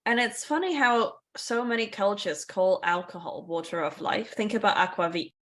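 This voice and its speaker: A woman's voice: mid-range voice, normal speed, fairly bright tone. A woman co-hosting a casual podcast, explaining things in a chatty way with asides and small laughs. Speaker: podcast co-host.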